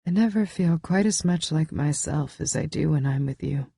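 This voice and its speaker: A sultry woman lover teases in a low, intimate voice, as a woman narrator reads her. Her tone is dark and quiet, and the audiobook read is close and dry. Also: normal speed, creaky, husky, no echo, full character voice. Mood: teasing. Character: teasing, sultry woman lover, wry and affectionate.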